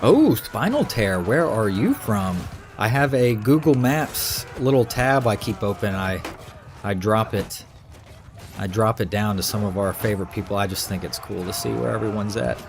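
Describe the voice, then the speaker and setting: A man's voice: on the low side, normal speed, faint music behind. Easygoing American man chatting with viewers. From United States. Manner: rambling, easygoing, chatty with many fillers. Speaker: gaming streamer. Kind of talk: casual chat with live viewers. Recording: steady background noise.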